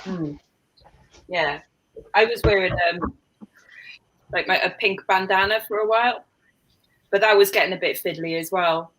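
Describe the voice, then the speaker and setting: Woman, host, casual chat, rambling, filler words, mid pitch. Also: moderate pace, long pauses, fairly bright tone, poor audio. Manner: chatty, rambling with many likes and ums.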